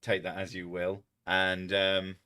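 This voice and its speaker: A man's voice: sits low, monotone, unhurried, bright, forceful tone, smooth. A man from England with a southern English accent, chatting casually on a livestream, swearing freely and laughing often. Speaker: streamer.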